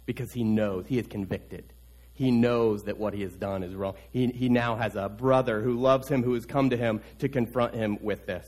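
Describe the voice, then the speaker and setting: A male pastor preaching a sermon, retelling a scripture story animatedly and repeating his key points. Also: mid-range voice.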